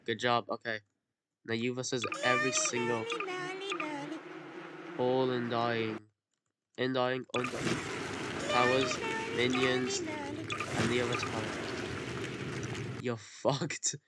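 A woman giving excitable gameplay commentary, swearing and yelling at the game. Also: extremely low pitch, slow, pauses often. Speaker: gamer. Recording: loud background noise.

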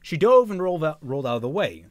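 A man's voice: fairly high pitch, very animated, fast talker, dry recording, studio quality. A young man reading a novel aloud on a live stream, often stumbling, rereading phrases and breaking off to make joking comments.

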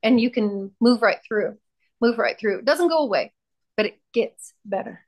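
A woman's voice: fairly high pitch, expressive, normal speed. A woman sharing her testimony as a podcast guest, fervent and emphatic, repeating key phrases for weight. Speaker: podcast guest, prayer ministry founder.

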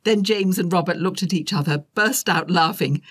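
Rich: A woman narrating an audiobook in a slightly low voice, with measured, expressive storytelling. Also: slightly rough.

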